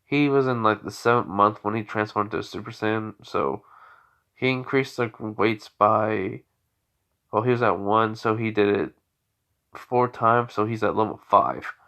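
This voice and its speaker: A man's voice: on the low side, a little slow, fairly bright tone. A tired man casually telling an unscripted fan story, rambling and correcting himself with many fillers. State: tired, yawning.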